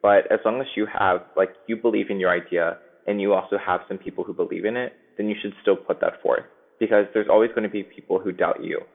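A man's voice: on the low side, steady tone, fast talker. A man, a guest on a podcast, giving earnest advice in casual chat. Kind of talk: casual interview. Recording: tinny phone-like line.

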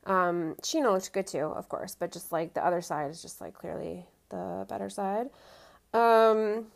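A woman's voice: mid-range voice, steady tone, unhurried, vocal fry. A woman recapping a reality TV reunion in casual chat, opinionated and full of fillers. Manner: chatty, opinionated, many fillers like "um" and "you know".

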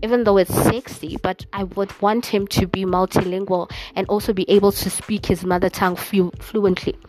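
A woman's voice: medium pitch, steady tone, normal speed, darkish tone, slight background noise. Chatty woman gushing to listeners. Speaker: podcast host. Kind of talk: casual chat.

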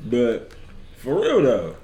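A married man in casual banter, halting and restarting as he searches for words. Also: medium pitch, huge pitch swings, dark tone. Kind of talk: casual chat.

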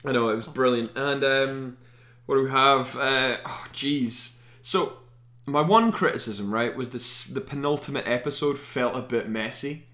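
A laid-back man co-hosting a podcast, dropping dry jokes in a relaxed chat. His voice sits at an everyday middle pitch. The room has a noticeable echo. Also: unhurried. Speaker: podcast co-host. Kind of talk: casual chat. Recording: echoey room.

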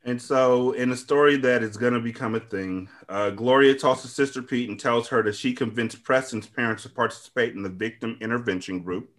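Male podcast host, mid-range voice, loose, profane storyteller recapping episodes. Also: medium pitch. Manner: profane, laid-back storytelling with quick asides.

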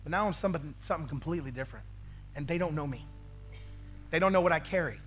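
A man's voice: on the high side, fast talker, fairly bright tone, slight background noise. A male pastor preaching a sermon, telling a story with acted-out quotes and frequent "right?" asides to the congregation.

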